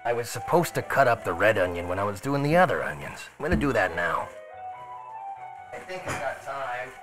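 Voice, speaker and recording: A streamer slips into character as Columbo, the rumpled, mild-mannered Italian TV detective, rambling and muttering to himself as he makes chili live. His natural mid-range voice is very animated and fairly quick, competing with loud music on poor audio.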